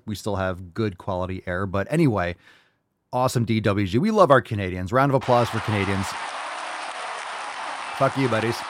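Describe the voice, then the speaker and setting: A man hosting his own livestream podcast, delivering a loud, profane, jokey and hyped-up monologue. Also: lowish voice, dry recording, clean studio sound. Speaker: podcast host. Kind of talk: brash comedic livestream monologue.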